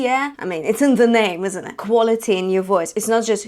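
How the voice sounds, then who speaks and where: A woman's voice: medium pitch, moderate pace, hardly any pauses. A woman giving an online singing lesson. She explains techniques and breaks into short sung demonstrations, often checking in with a questioning "yeah?". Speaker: singing teacher.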